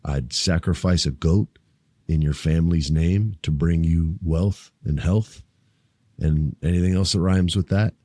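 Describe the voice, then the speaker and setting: A low-pitched man hosts a casual wrestling podcast, talking a little slowly, chatting loosely and cracking jokes at his listeners. He swears freely and animatedly acts out wrestlers' lines in a higher, louder voice. The sound is close and dry, with no echo or room around it.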